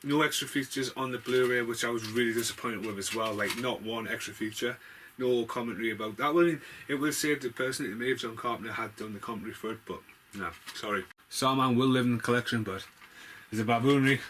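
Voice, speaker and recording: A man's voice: medium pitch, fast talker, fairly bright tone, a little hiss or hum. Blunt, sweary man ranting about films. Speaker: film reviewer. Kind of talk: casual ranting film review.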